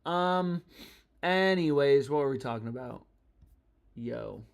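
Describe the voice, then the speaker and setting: A man's voice: mid-range voice, expressive, slow pace, gravelly. A young man chatting casually on a live stream about sports bets, slangy and profane, rambling from thought to thought. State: annoyed.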